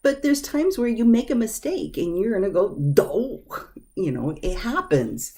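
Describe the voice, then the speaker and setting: A woman's voice: medium pitch, moderate pace. A woman teaching a grammar mini lesson, patiently explaining and acting out example words with big, exaggerated emphasis. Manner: acts out interjections with lively, exaggerated emphasis; patient explaining with occasional fillers.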